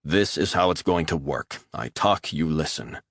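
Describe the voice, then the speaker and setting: A man's voice: rumbling low, lively intonation, a little slow, fairly bright tone, no room sound, clean studio sound, exaggerated voice. A man voicing a hard male operative who speaks in curt, threatening commands. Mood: menacing.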